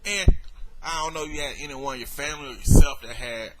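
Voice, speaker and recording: A man's voice: a little high, lively intonation, quick pace, very noisy. Worked-up man lecturing a viewer. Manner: lecturing, exasperated, addresses viewer directly. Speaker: vlogger. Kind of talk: heated video rebuttal.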